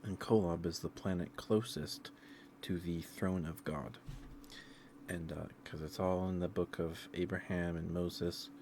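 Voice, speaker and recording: Deep voiced sleepy guy rambling on an asmr stream, faint background hiss. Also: steady tone, a little slow, creaky, darkish tone. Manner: meandering, loose storytelling.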